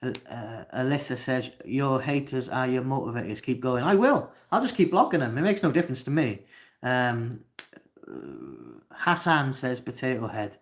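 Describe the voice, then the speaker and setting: A man's voice: medium pitch, very animated, moderate pace. A Welsh man in his twenties hosting a live stream, reading chat comments aloud and swearing at trolls. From Wales. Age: 20s. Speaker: livestream host.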